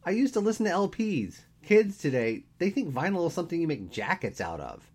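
A man's voice: on the high side, big pitch swings, a little fast, a little mellow, breathy edge, voice pushed up. A man voicing a whiny, melodramatic man about to turn thirty, in a read-aloud story. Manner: whining, theatrical.

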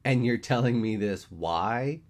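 A man voicing a wry, deadpan man in his thirties who teases his friend in a storybook reading. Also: medium pitch, a little slow, pitched above the performer's own voice, lightly acted. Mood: deadpan, exasperated. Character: dry, teasing man past thirty, a friend.

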